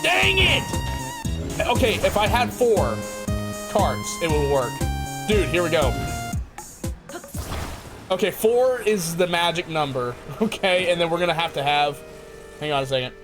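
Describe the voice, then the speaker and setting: A man streaming a game live, chatting casually with his viewers, excitable and laughing often. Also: a little high, a little slow, long pauses, over music. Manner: excitable, laughs often, talks to chat by name. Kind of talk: casual live-stream chat while playing.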